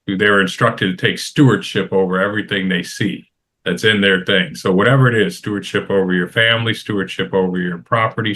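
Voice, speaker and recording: A man's voice: sits low, a bit bright. Emphatic middle-aged man giving advice. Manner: emphatic, repeats phrases for stress, gives advice. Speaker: roundtable panelist. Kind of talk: casual roundtable discussion.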